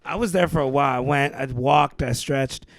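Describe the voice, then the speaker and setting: A man's voice: medium pitch, normal speed, dry recording. A man co-hosting a podcast, joking and teasing his friend in laid-back, casual chat. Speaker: podcast co-host.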